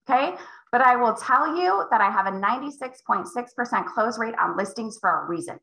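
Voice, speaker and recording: A woman sales coach leading a live call, emphatic and acting out client conversations with big swings in pitch. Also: brisk, creaky, sharp tone, roomy sound, rough recording. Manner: emphatic, role-plays client dialogue with big pitch jumps. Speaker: real estate sales coach.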